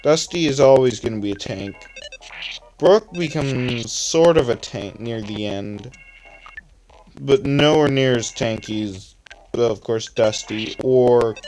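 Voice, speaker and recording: Speaking slowly with long pauses in a mid-range, slightly mellow voice, this eighteen-year-old from Canada hosts a let's play, wandering through chatty commentary and correcting himself as he goes. Soft background music plays, and the phone screen-recorder mic makes the recording rough.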